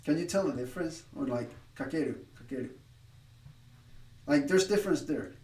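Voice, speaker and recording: Streamer, male, somewhat high voice, thinks aloud and corrects himself as he explains, heard off-mic. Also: expressive, quick pace, darkish tone, echoey room, far from the mic. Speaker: streamer learning a language. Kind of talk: casual live-stream study session.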